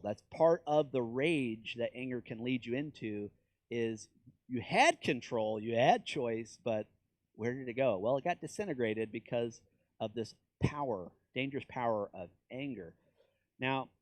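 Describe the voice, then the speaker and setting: A male pastor from Kansas preaching a sermon in a conversational way, breaking into loud, high emphasis and dropping to low asides, and acting out quoted voices in mocking tones. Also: no echo.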